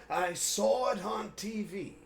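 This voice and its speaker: A man co-hosting a live sports stream in casual chat, excitable, with loud outbursts, reading viewer messages aloud. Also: high-pitched, gravelly, a little hiss or hum.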